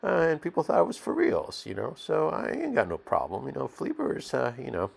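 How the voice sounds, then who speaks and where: A man's voice: mid-range voice, huge pitch swings, fairly quick, gravelly, breathy edge, heavily acted. A man playing a streetwise, cigar-smoking male non-actor who rambles in slang with lots of fillers in a mock documentary interview. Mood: grumbling.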